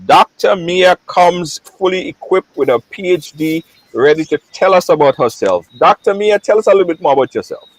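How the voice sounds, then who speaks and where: A man hosting a live online talk show, lively and repetitive, greeting viewers by name. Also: high voice, moderate pace, hardly any pauses, rough recording. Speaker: host.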